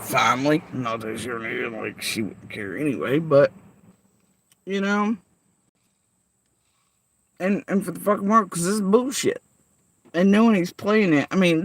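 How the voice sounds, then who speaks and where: A woman's voice: lowish voice, a bit bright, slight background noise. Heated, profane woman venting on a livestream. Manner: heated, profane, confrontational, rapid-fire rhetorical questions. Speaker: vlogger. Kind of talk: livestream rant addressing chat.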